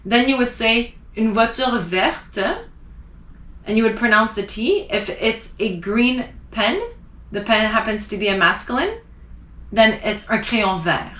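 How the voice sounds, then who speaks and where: A woman teaching a language lesson, spelling out letters and slowly repeating example words. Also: on the high side, animated, pushed and bright, reverberant. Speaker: French teacher.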